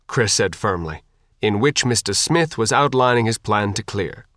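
A man narrating an action audiobook in a measured, even way. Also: on the low side, no echo, clean studio sound.

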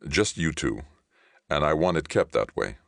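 A man voicing a calm male veteran soldier who speaks low and measured. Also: no echo, studio quality, exaggerated voice.

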